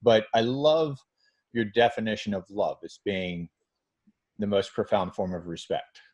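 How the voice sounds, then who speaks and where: A man's voice: on the low side, animated, unhurried, darkish tone, highs cut off. A man hosting a podcast interview, talking earnestly and emphatically and restarting his phrases. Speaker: podcast host. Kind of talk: conversational interview.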